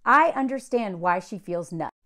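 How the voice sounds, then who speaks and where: A woman's voice: mid-range voice, lively intonation, normal speed, fairly bright tone. A woman from the American South giving casual reaction commentary on a dating show, chatty and sarcastic. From Southern United States. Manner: chatty, sarcastic, mocks others in put-on quotes.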